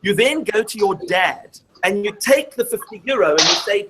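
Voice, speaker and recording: A woman's voice: mid-range voice, expressive, normal speed, few pauses, very noisy. A woman presenting a live maths show to a classroom of children, explaining step by step and quizzing the class as she goes.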